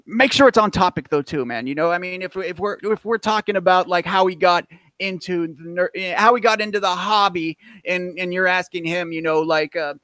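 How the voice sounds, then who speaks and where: A man hosting a casual livestream interview, joking around and often breaking off to restart his sentences. His voice is high for a man. The sound is close and dry. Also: pushed and bright, dry recording. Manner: loose, joking, halting. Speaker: livestream host.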